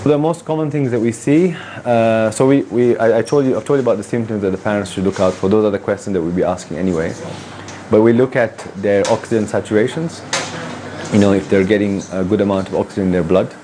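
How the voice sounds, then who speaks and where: A man working as a children's heart doctor in a hospital, explaining a condition in a measured way and often pausing with fillers. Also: on the low side, background noise. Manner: measured, hesitant with many fillers. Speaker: pediatric cardiologist. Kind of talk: explaining to camera. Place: hospital in Kenya.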